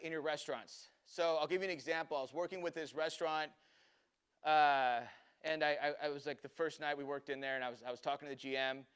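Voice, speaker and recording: Animated man teaching a seminar. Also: fairly high pitch, clear, resonant tone. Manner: animated, acts out dialogue, many "right?" tag questions. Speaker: restaurant consultant and trainer. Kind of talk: energetic seminar talk to an audience.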